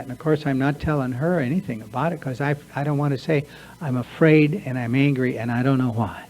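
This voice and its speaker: A man's voice: mid-range voice, a little mellow, poor audio. A man giving an earnest, confessional talk to a recovery workshop, sometimes acting out his own inner voice. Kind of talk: personal talk to a recovery group. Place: meeting room.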